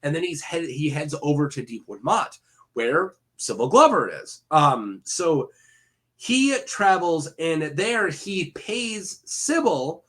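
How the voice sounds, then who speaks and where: A man's voice: fairly high pitch, big pitch swings, slow, fairly bright tone. A man casually retelling fantasy lore for a video, rambling with many fillers and self-corrections and throwing in jokey asides to the viewer.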